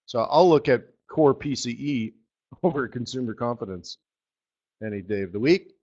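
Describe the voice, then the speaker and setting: Host of a markets webinar, male, mid-pitched, wry and rambling, muffled lo-fi sound. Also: expressive, normal speed, darkish tone. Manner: sarcastic, joking, rambling asides with laughs. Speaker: forex market strategist hosting a live webinar. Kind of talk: live trading webinar commentary.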